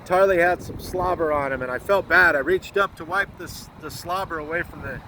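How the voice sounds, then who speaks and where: A man's voice: fairly high pitch, brisk, pushed and bright, a little hiss or hum, low-quality recording. An American man telling a moving story in a vlog, earnest and close to tears, swearing bluntly. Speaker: truck driver vlogger.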